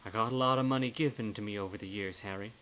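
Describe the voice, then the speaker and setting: A man's voice: lowish voice, fast, fairly bright tone, slight background noise, close to an everyday voice. Male reader doing a blunt, motherly old ghost lady, put-on accent, horror audiobook. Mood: scolding. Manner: put-on accent, scolding and teasing. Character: elderly woman ghost, warm, blunt, motherly. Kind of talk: live reading of a horror novel.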